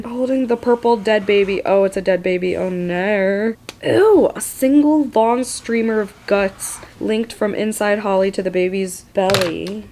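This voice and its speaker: A woman's voice: mid-range voice, measured pace, slight background noise. A woman reading a book aloud at home in a casual vlog, reacting with laughter, groans and swearing. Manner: expressive, swears and laughs often, reads passages aloud. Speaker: book vlogger. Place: at home at a table.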